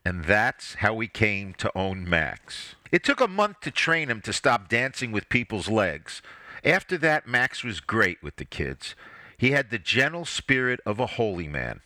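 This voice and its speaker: A man reading his own family story aloud, wry and expressive. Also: lowish voice, a little slow, dry recording. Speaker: narrator.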